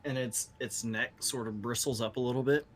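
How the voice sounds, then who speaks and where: A man narrating as game master of a tabletop game, animated and questioning. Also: medium pitch, fairly quick.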